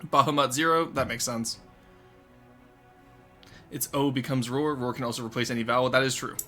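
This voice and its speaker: A live streamer chatting casually with chat, excitable, swearing freely and breaking into loud laughing fits. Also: medium pitch, normal speed, soft background music.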